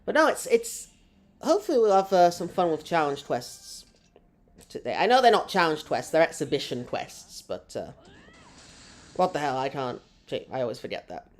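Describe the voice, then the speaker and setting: A woman streams a game live, reading out her chat and answering it as she goes. Her voice sits on the low side but jumps all over in pitch. She rambles, teases herself, and keeps things loose and conversational. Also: big pitch swings. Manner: chatty, rambling and self-mocking, with quick laughs. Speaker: gaming streamer.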